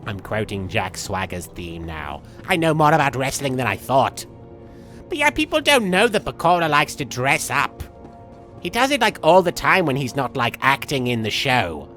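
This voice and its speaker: A man's voice: mid-range voice, sing-song, moderate pace, bright, forceful tone, faint music behind. A man playing a manic, childish villain who rambles and jumps between jokes while streaming a game, sniffling from a cold. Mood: giddy rambling. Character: manic goofy male villain, childish and gleeful. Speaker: livestream gamer. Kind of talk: live game-stream commentary in character.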